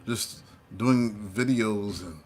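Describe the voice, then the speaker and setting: A man's voice: fairly low pitch, slow, a little mellow. A man who reads tarot, talking casually and rambling to his viewers as he tells how he started, with loose asides along the way. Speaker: tarot reader. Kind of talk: casual storytelling monologue.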